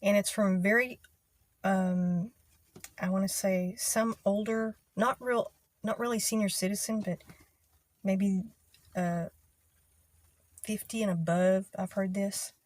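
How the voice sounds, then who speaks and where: A young woman with a soft Texas twang talks to her channel in a relaxed, meandering way. She pauses often, fills gaps with ums, and keeps an easygoing, conversational flow. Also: mid-range voice. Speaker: video creator. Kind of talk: casual talk to camera.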